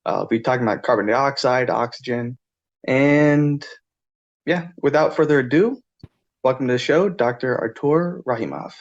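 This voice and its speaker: A man hosts a podcast, introducing his guest and asking questions in relaxed, loosely phrased sentences. His pitch is average, and the recording sounds somewhat dull and muffled. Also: normal speed. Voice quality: casual, loose phrasing with fillers. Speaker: podcast host. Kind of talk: podcast interview.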